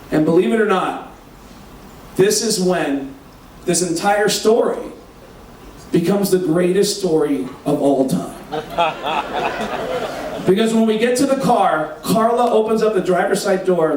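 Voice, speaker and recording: A high-voiced male comedian tells a raunchy story on a live stage, animated and full of swearing. His voice carries through a very echoey room. The mic sounds far off, with a faint hum of ambience behind him. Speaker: stand-up comedian. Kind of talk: stand-up storytelling. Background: audience laughter.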